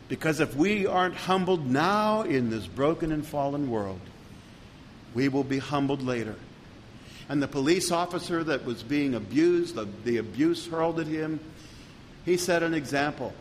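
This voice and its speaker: A pastor delivering an earnest sermon, building to emphatic peaks and then dropping low. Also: male voice, big-room sound, a little hiss or hum. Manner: earnest preaching with rising emphasis.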